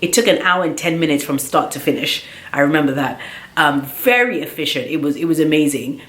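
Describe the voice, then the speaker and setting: A woman telling a personal story in a casual vlog, animated and chatty, with plenty of filler words. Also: low-pitched, a little fast. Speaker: vlogger. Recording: roomy echo.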